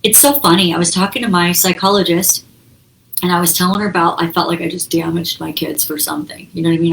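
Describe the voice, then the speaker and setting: Woman talking self-help stuff, kinda low voice, chatty, laughs a lot, acts out little quotes. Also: steady tone, quick pace, vocal fry, a bit bright, slight background noise, low-quality recording. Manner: conversational, with frequent laughs and acted-out quotes. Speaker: self-help channel host. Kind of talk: casual teaching talk.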